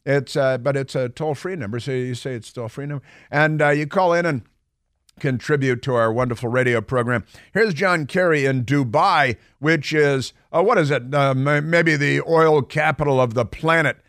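A man's voice: medium pitch, normal speed, fairly bright tone, smooth, no room sound, studio quality. Sarcastic male talk radio host. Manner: sarcastic, mocking asides. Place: radio studio. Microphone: studio microphone.

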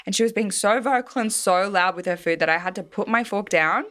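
A woman's voice: brisk, no echo. A young woman co-hosting a podcast in casual chat, telling stories expressively and laughing. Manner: expressive storyteller, laughs and jumps pitch. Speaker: podcast co-host.

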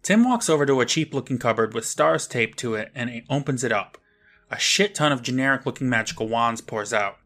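A man with a bright, forward voice talks through a TV episode with a friend. He keeps it loose and chatty, and he slips into quick put-on voices whenever he quotes the characters. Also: medium pitch, expressive. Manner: recaps the plot and pops into voices for quoted lines. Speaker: podcast co-host. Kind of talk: casual recap of a TV episode.

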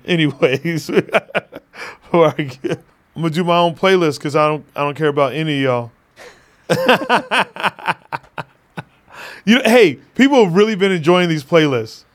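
A man hosting a podcast in loose, joking chat, laughing often and swearing freely. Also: a little high. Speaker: podcast host.

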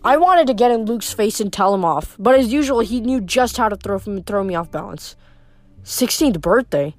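A woman reading a novel aloud as audiobook narrator, in a steady storytelling manner. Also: medium pitch, normal speed, no room sound, soft background music. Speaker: reader.

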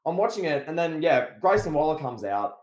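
Australian podcast co-host, lively, bit higher voice, roomy echo. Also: male voice, a little fast. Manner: animated, acts out quoted promos. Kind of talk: casual wrestling recap chat.

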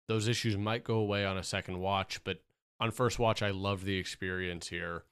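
A man co-hosting a podcast, steering the talk with a dry, wry touch. His voice is low yet bright and crisp, heard close and dry. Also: dry recording. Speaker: podcast co-host. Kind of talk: casual podcast chat. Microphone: studio microphone.

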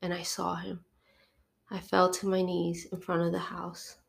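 A woman's voice: fairly low pitch, completely flat delivery, unhurried, gravelly. A middle-aged woman, a podcast guest, giving an emotional personal testimony, acting out her phone calls and sniffling now and then from allergies.

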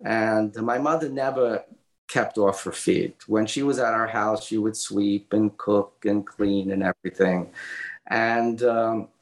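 An older man, an author and illustrator, telling a family story in an interview, halting with many fillers and restarts and acting out quoted lines. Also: fairly low pitch, fairly even intonation, reverberant. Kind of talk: conversational storytelling.

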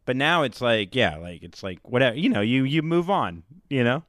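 A man's voice: medium pitch, lively intonation, moderate pace, a bit bright, no echo. A young man hosting a podcast, with a mid-range voice. He rambles and jokes, full of "like" and "you know". The mic is close and dry. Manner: joking, rambling, many fillers. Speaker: podcast host. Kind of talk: casual chat.

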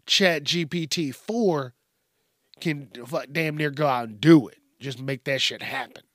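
A man's voice: on the high side, a little slow, a bit bright, dry recording, clean studio sound. A man hosting a podcast, giving rambling, profane, casual commentary on the news. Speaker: podcast host.

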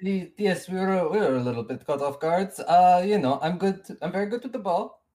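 A game master voicing a male adventurer, speaking in clipped, halting, broken phrases. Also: medium pitch, expressive, mellow, pitched above the performer's own voice, lightly acted. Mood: earnest. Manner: halting, formal and earnest. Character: male adventurer planning a wyvern hunt.

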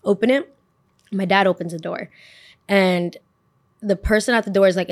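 A woman's voice: mid-range voice, a little slow, pauses often, no echo, studio quality. A young woman telling a personal story in casual podcast storytelling, acting out what everyone said. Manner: animated, acts out quotes of others. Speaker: podcast host.

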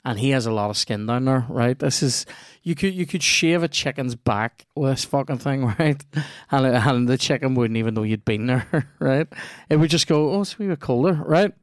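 A young man with a Northern Irish accent hosts a casual podcast. He jokes, swears and laughs his way through a sponsor read. His voice is smooth and dry. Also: medium pitch, moderate pace, hardly any pauses, no room sound. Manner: sweary, joking, laughs often. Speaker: podcast host.

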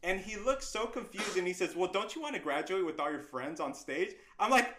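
A middle-aged man, a guest on an interview podcast, telling stories from his youth in a casual, animated way and acting out the voices of people he quotes. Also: high-pitched, fairly quick, slight background noise. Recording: roomy echo.

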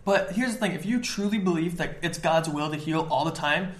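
A man's voice: on the high side, echoey room. A young man co-hosting a casual faith podcast, chatting energetically and peppering his talk with "like" and "dude". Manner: fast, energetic, filler-heavy with frequent "like" and "dude". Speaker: podcast co-host.

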